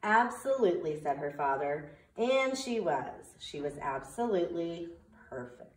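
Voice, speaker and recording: A preschool teacher talking slowly and clearly to small children, in a sing-song manner, during a remote circle time lesson and story read-aloud. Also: female voice, sits low, sing-song, darkish tone, roomy sound, far from the mic, a little hiss or hum.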